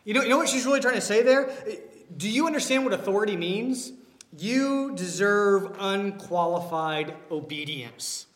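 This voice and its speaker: A man preaching a sermon as pastor, animated, with many rhetorical questions. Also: high-pitched, normal speed. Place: church. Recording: echoey hall.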